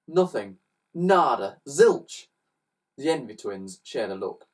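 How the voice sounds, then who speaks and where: A man reading a children's story aloud with expressive, animated narration, recorded on a slightly distant mic. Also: mid-range voice, takes it slowly. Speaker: storybook reader.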